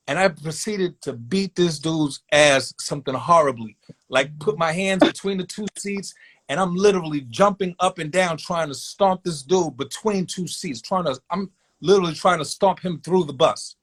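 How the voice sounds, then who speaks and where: Man telling a story, slightly high voice. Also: normal speed. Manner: animated, acts out other voices in quotes. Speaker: guest telling a personal story. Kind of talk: casual storytelling.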